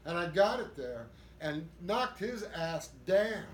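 High-voiced older man telling salty stories. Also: slow pace. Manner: profane, animated storyteller. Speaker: guest. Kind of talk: storytelling interview. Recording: echoey room with faint ambience.

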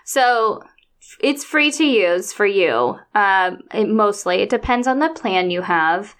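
A woman co-hosting a casual podcast, talking through everyday matters in an easy, chatty way. Her voice sits at a middle pitch. Now and then she slips into exasperated venting. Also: lively intonation, slow pace, a bit bright, clear, resonant tone. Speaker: podcast co-host. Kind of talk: casual chat.

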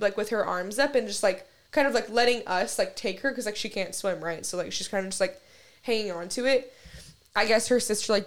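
A young woman on a podcast telling a long story in casual chat, rambling and profane, with constant "like". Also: mid-range voice. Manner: rambling, heavy use of "like", profane. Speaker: podcast co-host.

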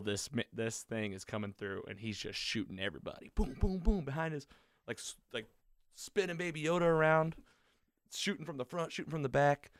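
A man hosting a casual podcast chat, retelling a show's episode with excitement and quick acted-out quotes. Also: lowish voice, clear, resonant tone, no room sound, clean studio sound. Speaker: podcast host.

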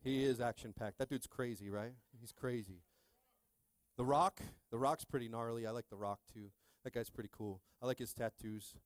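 A male pastor in his thirties preaching a sermon, calling out to the congregation and swinging from quiet asides to shouting. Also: mid-range voice, steady tone, normal speed, dry recording.

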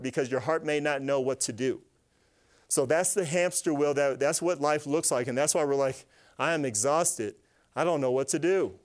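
A man giving an animated, faith-based teaching talk to a live group, asking them questions and acting out little voices. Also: on the high side. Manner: animated, asks the audience questions, acts out voices. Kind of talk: lively sermon-style teaching to a live group.

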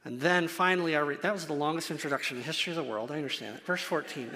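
A man's voice: a little high, very fast, pushed and bright, long reverb tail. A man preaching a sermon to his congregation, earnest and emphatic, repeating phrases for stress. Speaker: pastor.

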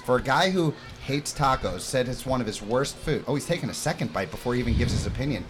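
A man's voice: mid-range voice, lively intonation, quick pace, background noise. A young man hosting a casual podcast, playfully teasing and hyping up a room full of kids at a summer camp. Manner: playful, hypes up and teases the guests. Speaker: podcast host and camp counselor. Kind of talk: casual group chat with kids.

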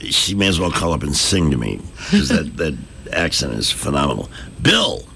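A man's voice: rumbling low, huge pitch swings, moderate pace, gravelly, pushed and bright, slight background noise. A man hosting a morning radio show, running a call-in quiz with jokey, teasing banter.

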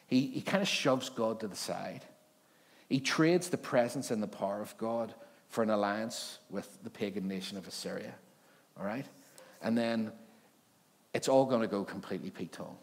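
Animated pastor preaching. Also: male voice, on the low side. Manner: animated storytelling, acts out voices of God and a king. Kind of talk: sermon. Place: church hall.

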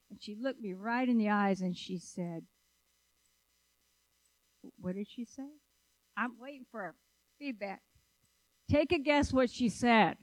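A woman's voice: fairly high pitch, slow, pauses often, no echo, low-quality recording. Conversational woman preaching a sermon, dry sound. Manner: animated, conversational, asks the audience questions. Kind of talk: sermon with storytelling.

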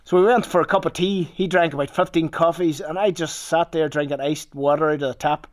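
Swearing Northern Irish storyteller. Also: male voice, on the high side, steady tone, brisk. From Northern Ireland. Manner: swears freely, rambling anecdote with restarts. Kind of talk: casual storytelling.

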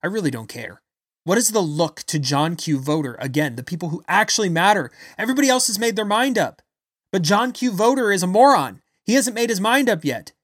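Man, angry political rant, blunt and loud, higher voice, dry room. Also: no room sound. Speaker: political commentator. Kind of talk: ranting political commentary.

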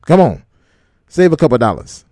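A man's voice: a little high, big pitch swings, moderate pace, warm tone, dry recording, studio quality. A man ranting casually to his trucking audience, blunt and profane, mocking them and laughing often. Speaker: trucking vlogger. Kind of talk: casual rant to camera.

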